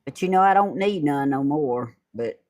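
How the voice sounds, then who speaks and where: A woman's voice: deep voice, animated, moderate pace, a little mellow. A middle-aged woman hosting a home video, chatting casually and laughing often. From Georgia. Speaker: YouTube host. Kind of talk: casual chat.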